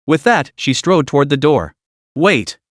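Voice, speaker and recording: A man narrating a comic story recap in a dramatic, even read. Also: a little high, brisk, no room sound, studio quality.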